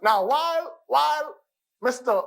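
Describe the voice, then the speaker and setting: Man, Bahamian accent, parliamentary debate speech, high voice, forceful and insistent, repeats phrases for emphasis. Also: expressive, a little slow, creaky, low-quality recording. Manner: emphatic, repeats "Mister Speaker" and phrases for stress. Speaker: member of parliament. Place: parliament chamber.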